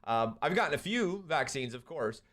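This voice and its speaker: A young man hosting a live stream, ranting and commenting on a clip, swinging between loud outbursts and quieter asides. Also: a little high, very animated, moderate pace. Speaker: streamer host.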